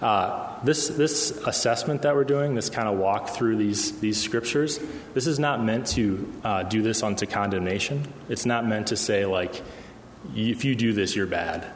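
A man's voice: on the low side, a little slow, slight background noise. A man preaching a conversational sermon in church, often checking in with the congregation. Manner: conversational, asks the room "okay?" often. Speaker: pastor. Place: church hall. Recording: echoey hall with long reverb.

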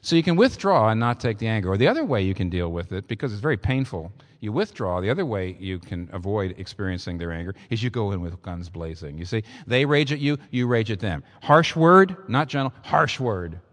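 A male preacher delivering a sermon with a lively, swooping voice that jumps high when he stresses a point. He sounds like he's speaking in a large hall, and his words trail off into a long echo. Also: brisk, hardly any pauses. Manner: animated preaching, pitch rising sharply for emphasis. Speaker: pastor.

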